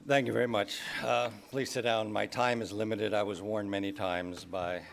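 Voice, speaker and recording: A man's voice: on the low side, steady tone, moderate pace, creaky, a little hiss or hum. A man giving a keynote speech at a formal dinner, starting loose with fillers and turning firm and emphatic. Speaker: keynote speaker, head of state. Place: large banquet hall.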